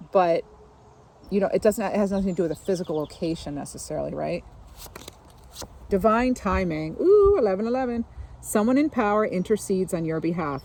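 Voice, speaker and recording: A woman with a slightly low voice gives a tarot reading out of doors. She muses her way through each card, easy and intuitive, with plenty of fillers and small asides. Faint outdoor noise sits behind her voice. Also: a little mellow. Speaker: tarot reader. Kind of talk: casual spoken tarot reading.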